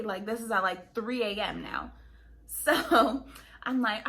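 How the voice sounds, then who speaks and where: A woman vlogger telling a story casually, laughing often and acting out what people said. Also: measured pace. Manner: animated, laughing, acts out quotes in high pitch.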